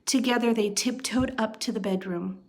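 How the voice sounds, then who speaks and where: A woman storyteller reading a children's storybook aloud, expressive and unhurried. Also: a little high.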